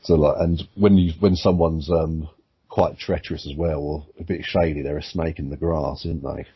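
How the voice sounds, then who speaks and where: Husky deep-voiced man, rambling. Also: steady tone, normal speed, no echo. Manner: rambling, swears, acts out quoted voices. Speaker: podcast co-host. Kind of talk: casual chat. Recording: dull lo-fi sound, dry.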